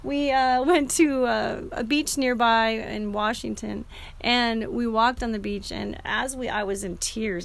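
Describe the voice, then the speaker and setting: A woman's voice: a little high, a little slow, creaky. A middle-aged woman telling a personal story in a casual, earnest and emotional way, often restarting her sentences.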